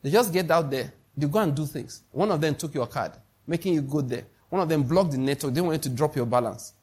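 A middle-aged pastor with a Nigerian accent preaches in a fairly high voice that is slightly mellow with a breathy edge, moving a little fast. He's emphatic, says lines over again, and asks the congregation questions to check they follow.

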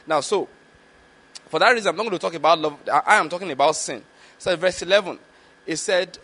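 Deliberate, slightly high-voiced male preacher. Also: a bit bright. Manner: explanatory, reads scripture slowly and deliberately; checks in with listeners with repeated questions. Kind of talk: Bible teaching sermon.

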